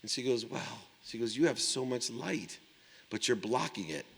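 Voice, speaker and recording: Animated man giving a keynote in a hall. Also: moderate pace, vocal fry. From Ohio, USA. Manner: animated, acts out dialogue with big swings in pitch and volume. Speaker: keynote speaker. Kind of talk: storytelling keynote speech. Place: large conference hall. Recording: long hall reverb.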